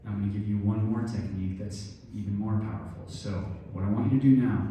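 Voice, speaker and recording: This middle-aged man has a mellow, fairly low voice and speaks quickly, picked up by a distant mic in a very echoey room with slight background noise. His instructive talk on stress and injury explains things, addresses listeners directly and includes a guided breathing exercise.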